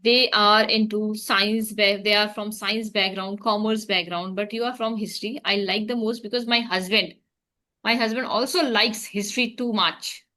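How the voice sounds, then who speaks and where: A woman's voice: mid-range voice, steady tone, moderate pace, sharp tone. A young woman hosting a casual English conversation practice, chatty and often restarting her sentences.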